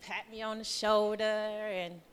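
A woman's voice: medium pitch, level tone, a little slow, a little hiss or hum. A woman giving a testimony sermon in church, telling her story in a nervous, chatty way and acting out the voices of the people in it. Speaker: church member preaching. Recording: reverberant church hall.

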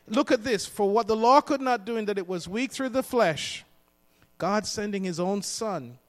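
Male preacher, sermon, high voice, emphatic delivery, booming hall reverb. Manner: emphatic, repeats lines for the congregation to echo.

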